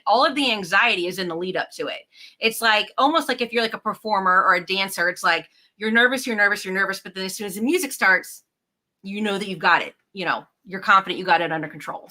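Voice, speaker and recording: A woman's voice: medium pitch, fairly quick, sharp tone. A woman, hosting a casual chat in a bubbly, chatty way full of "like". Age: 40s. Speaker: host.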